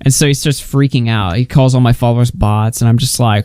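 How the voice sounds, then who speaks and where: A man hosting a casual podcast, telling a story with lively energy and mocking other people's posts. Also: medium pitch, a little fast, smooth, no room sound, clean studio sound. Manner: animated storytelling, mocking others' tweets in put-on voices. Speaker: podcast host.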